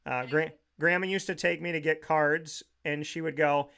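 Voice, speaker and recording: A man's voice: on the high side, fairly even intonation, normal speed, vocal fry, pushed and bright. A man hosting a talk show, telling heartfelt family memories in a rambling way with frequent restarts.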